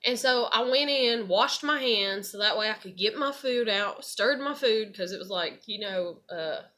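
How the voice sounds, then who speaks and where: A woman's voice: medium pitch, moderate pace, pushed and bright. A woman telling a rambling, profane personal story in a heated rant. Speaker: vlogger.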